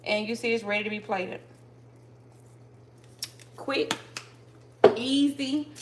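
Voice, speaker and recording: A woman with a voice on the high side speaks slowly while hosting a casual live cooking stream in her home kitchen, constantly calling out to viewers as she cooks. Pots and dishes clatter, and the rough recording has a little hiss or hum.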